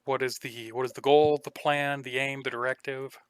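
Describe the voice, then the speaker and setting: A man running a tabletop game as game master, narrating in a relaxed, rambling way with frequent ums. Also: medium pitch, moderate pace, clean tone, no room sound.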